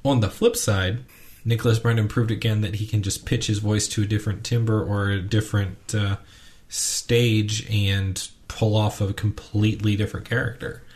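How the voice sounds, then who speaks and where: A man co-hosting a podcast, chatting casually and ranting with animated asides. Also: lowish voice, moderate pace. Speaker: podcast co-host.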